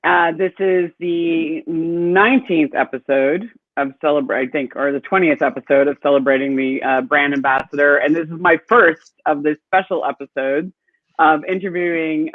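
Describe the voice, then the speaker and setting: A man's voice: a little high, dry recording. A man hosting a live online interview, chatty and hesitant, with many fillers, speaking over a video call. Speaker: host. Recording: tinny phone-like dry sound.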